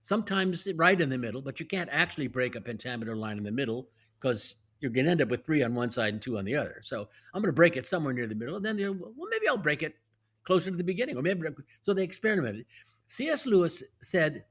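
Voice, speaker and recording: A mid-range male voice talks fast as a podcast guest who is both an actor and a professor. In a lively, teacherly way, he breaks down verse step by step with worked examples.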